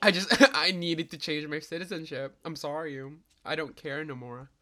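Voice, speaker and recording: Low-voiced giggly young woman. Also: normal speed. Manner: giggly, teasing, bursts of excitement. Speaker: podcast co-host. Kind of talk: casual chat.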